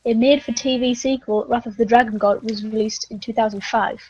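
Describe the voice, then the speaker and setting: A woman's voice: a little high, steady tone, brisk, darkish tone, highs cut off, a little hiss or hum. A woman with a Northeast English accent, chatting casually beside a streamer and reading trivia aloud in a dry, reluctant way. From near Newcastle, England. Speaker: co-host reading facts aloud. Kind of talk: casual chat.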